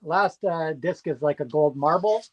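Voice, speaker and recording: A man with a notably high voice talks through a live auction of records from his home. His delivery is casual and chatty, and he gets excitable as he rattles off long lists. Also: a little slow, highs cut off, over a noisy crowd.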